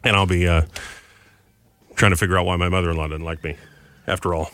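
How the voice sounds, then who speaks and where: A man's voice: low voice, steady tone, quick pace, a bit bright, slight background noise. A man co-hosting a podcast in casual chat, rambling and self-mocking as he tells stories. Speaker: podcast co-host.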